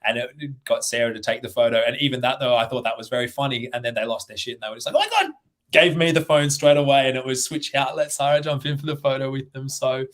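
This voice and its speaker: A young adult man with an Australian accent, chatting quickly and swearing a lot as a guest on a podcast interview. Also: medium pitch, level tone. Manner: fast-talking, swears a lot. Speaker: guest, CrossFit athlete.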